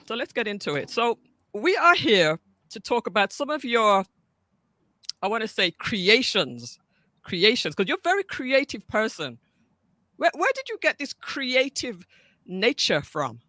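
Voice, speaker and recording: A high-voiced woman hosts a live-stream interview. Her delivery is bright and animated, swinging widely in pitch. She is effusive and welcoming, and she repeats her words as she gathers her thoughts. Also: a little slow, dry recording. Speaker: host.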